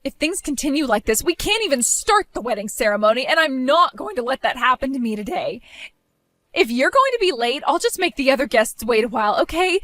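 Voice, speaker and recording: Actress playing a self-absorbed bride, high lively voice, whiny and demanding, dry close sound. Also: female voice, fairly quick, no echo. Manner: whiny, pleading, self-centered. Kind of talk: dramatized story voice acting.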